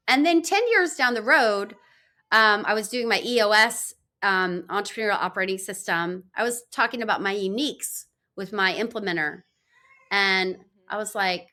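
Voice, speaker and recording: A middle-aged woman, a law firm founder, talking in an energetic, rambling way full of fillers as a podcast guest. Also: mid-range voice, moderate pace. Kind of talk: conversational interview.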